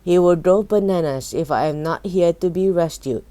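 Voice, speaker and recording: A fed-up, complaining little goblin grumbles through this storybook reading, voiced by a woman. The tone is low and mellow, with a slow, sulky pace. The sound is close and dry. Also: no echo, lightly acted. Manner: whiny, complaining. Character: grumpy fed-up male goblin.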